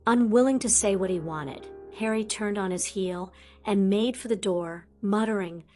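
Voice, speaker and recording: A woman narrating a fan fiction audiobook in a measured, unhurried reading. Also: medium pitch, a little mellow, soft background music.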